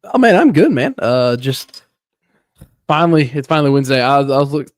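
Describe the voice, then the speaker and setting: A man's voice: mid-range voice, very animated, a little fast, dry recording. A man from Tennessee with a Southern American accent, co-hosting a casual podcast chat as an easygoing storyteller. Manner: laid-back storyteller, easygoing. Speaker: podcast co-host.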